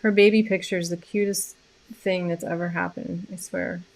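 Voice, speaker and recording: A woman hosting a live stream about animal communication, talking casually and softly, rambling with many fillers and restarts. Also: fairly low pitch, fairly even intonation, normal speed, creaky.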